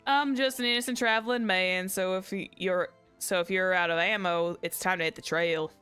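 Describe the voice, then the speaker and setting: A woman's voice: lowish voice, steady tone, normal speed, fairly bright tone, clean tone, faint music behind, close to an everyday voice. A woman voicing a laid-back cowboy lawman with a put-on Southern twang, reading game dialogue aloud. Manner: laid-back, folksy, slangy drawl.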